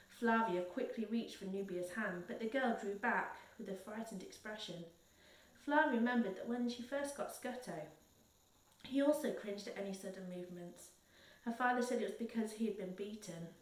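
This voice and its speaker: A woman's voice: medium pitch, moderate pace. Woman reading a story aloud, roomy sound. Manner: steady and careful, with small slips she corrects. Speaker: reader. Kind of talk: reading a children's novel aloud. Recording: roomy, a little distant from the mic.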